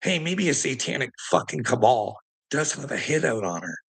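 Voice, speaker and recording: A man's voice: medium pitch, big pitch swings, moderate pace, creaky, fairly bright tone, breathy edge. A man delivering a profane, confrontational rant at someone, laughing between jabs. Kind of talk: ranting monologue to camera.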